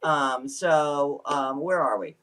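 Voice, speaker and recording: A man's voice: a little high, takes it slowly, fairly bright tone, recorded from a distance, slight background noise. A man in his forties hosting a podcast, chatting casually in a playful, rambling, jokey way. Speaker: podcast host. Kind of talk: casual recap chat.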